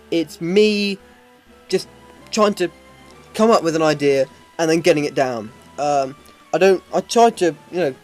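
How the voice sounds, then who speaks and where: Guy doing a let's play, kinda high voice, lots of ums, faint game music behind. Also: a little mellow. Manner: rambling, hesitant, many ums and restarts. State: voice starting to hurt. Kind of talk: live off-the-cuff game commentary.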